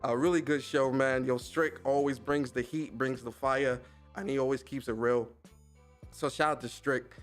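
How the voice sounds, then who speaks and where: A man hosting a casual live stream, giving rapid slangy shout-outs to his chat. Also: mid-range voice, fairly even intonation, faint music behind. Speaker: podcast and stream host.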